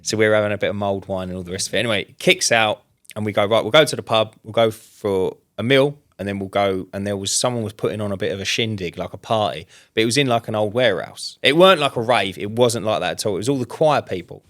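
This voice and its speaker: A man, a podcast co-host telling stories in casual chat, animated and full of slang. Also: on the low side. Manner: fast, animated storyteller with slang.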